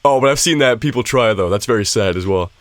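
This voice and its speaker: A young man in casual podcast chat whose pitch swings widely as he laughs and acts out quotes. His voice is recorded close and dry, with no room sound. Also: animated, fast, no echo. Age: young adult. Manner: laughing often, acting out quotes in swearing banter. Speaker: podcast co-host.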